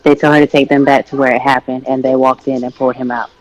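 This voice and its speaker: A man's voice: mid-range voice, level tone, quick pace, poor audio. A man in a casual podcast chat, retelling a story in a loose, slangy way.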